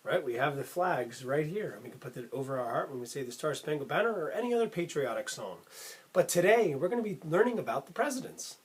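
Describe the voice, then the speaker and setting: A man's voice: on the high side, big pitch swings, fast, breathy edge. A man hosting a casual lesson for children, chatty and upbeat, often calling facts cool. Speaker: music teacher and channel host.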